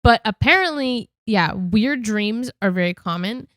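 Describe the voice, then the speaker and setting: A woman in a relaxed podcast chat, mid-pitched and easygoing, who laughs readily and swears casually. Her voice is dry and close to the mic. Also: unhurried, no room sound. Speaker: podcast co-host.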